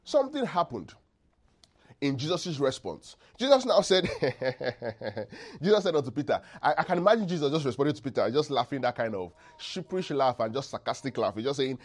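A man preaching a sermon, often quizzing the congregation and pausing for them to fill in the words of a verse. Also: mid-range voice, big pitch swings. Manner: call-and-response, asks congregation to finish verses; checks in often with the listeners.

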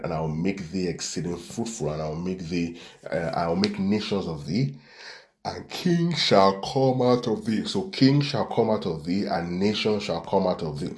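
Deep-voiced man preaching in an echoey room. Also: a little mellow. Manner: repetitive, checks in with "right?"; reads scripture aloud. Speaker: preacher teaching a church class. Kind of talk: Bible-study sermon.

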